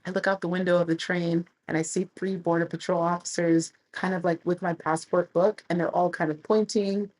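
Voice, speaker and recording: A woman in her thirties, a travel creator telling stories casually and animatedly, with a husky voice. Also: lowish voice, a little fast, hardly any pauses, poor audio. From United States. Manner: animated, chatty storyteller who laughs and acts out quotes. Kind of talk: casual storytelling to camera.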